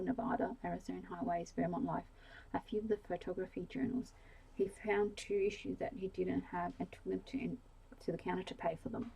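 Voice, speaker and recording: Woman, soft ASMR whisper, mellow and gravelly; bedtime story narration for sleep. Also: rough recording. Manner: soft, slipping between whisper and low voice.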